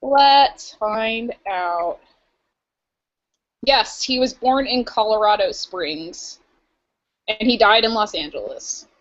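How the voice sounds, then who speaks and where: A woman's voice: mid-range voice, expressive, unhurried, a bit bright, dull audio. Giggly young woman podcast host. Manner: chatty and giggly, full of fillers. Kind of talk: casual chat.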